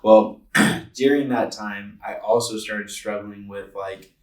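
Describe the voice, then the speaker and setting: A man's voice: fairly low pitch, fairly even intonation, slow pace, far from the mic. A man in his twenties telling a personal story on a podcast, earnest and rambling with lots of filler words. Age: 20s. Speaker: podcast co-host. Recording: roomy sound from away from the mic.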